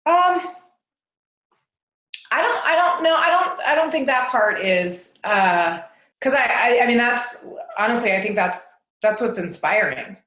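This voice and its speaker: A woman's voice: on the high side, lively intonation, unhurried, a bit bright. A woman in her forties, a guest on a casual interview show, talking hesitantly with many fillers and laughing often. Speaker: podcast guest. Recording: roomy echo.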